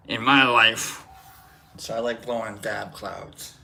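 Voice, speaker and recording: A man's voice: mid-range voice, fairly even intonation, slow pace, vocal fry, bright, forceful tone, a little hiss or hum. A man hosting a casual livestream, rambling and joking while greeting viewers by name. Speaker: livestream host.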